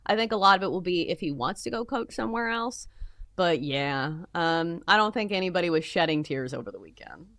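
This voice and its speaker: Woman co-host, conversational sports opinion, animated pitch, dry mic. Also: a little fast, no room sound. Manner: opinionated, frequent "like" fillers. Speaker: sports betting show co-host. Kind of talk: casual sports talk.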